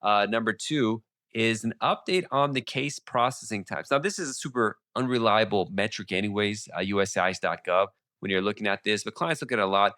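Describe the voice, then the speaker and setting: A male podcast host with a sore throat, giving legal updates in a fast, casual monologue full of restarts and fillers. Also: on the low side, sharp tone, no echo, studio quality.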